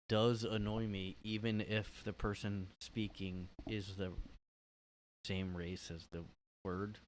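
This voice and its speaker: A man's voice: fairly low pitch, slight background noise. A man hosting a casual solo podcast from his room, rambling and hesitant, full of "like". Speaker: podcast host.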